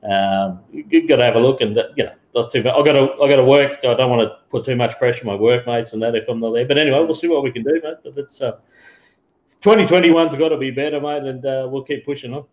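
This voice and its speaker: A man's voice: medium pitch, fast, a little mellow. An Australian man hosting a live show, chatting in a laid-back, matey, rambling way. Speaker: show host. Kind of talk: casual live-stream chat. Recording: roomy lo-fi sound.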